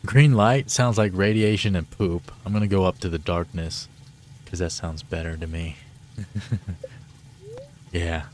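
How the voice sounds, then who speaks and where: A man streaming a game live, reading the dialogue aloud and chatting in a playful, excitable way. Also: sits low, measured pace, pauses often, a little hiss or hum.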